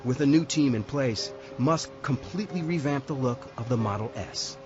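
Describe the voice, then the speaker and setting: A man reading scripted documentary narration in a measured, dramatic way. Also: mid-range voice. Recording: dull lo-fi audio over music.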